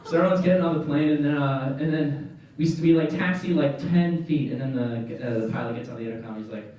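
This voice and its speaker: A man's voice: fairly high pitch, brisk, mellow, highs cut off. A young man performing a stand-up comedy set, telling a rambling story full of fillers and often laughing at his own jokes. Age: young adult. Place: comedy club stage, indoors. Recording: echoey room from far off, audience laughter.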